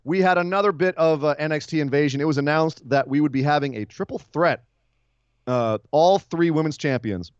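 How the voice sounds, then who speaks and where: This man's medium-pitched voice is smooth, recorded dry with dull-sounding audio. He co-hosts a casual wrestling podcast, animated as he recaps, teasing his partner and laughing readily.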